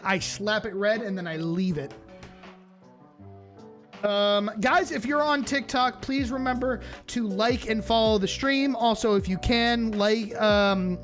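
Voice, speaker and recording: A man's voice: high-pitched, fairly bright tone. Playful man chatting live with his stream. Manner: chatty, playful, talks straight to his chat. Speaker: streamer reacting to videos. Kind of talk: casual live-stream chat.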